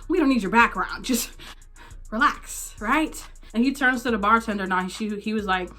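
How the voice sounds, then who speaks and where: A young woman casually telling a story to her vlog audience, animated, acting out the people in it. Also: fairly high pitch, slow, soft background music. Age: young adult. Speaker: vlogger.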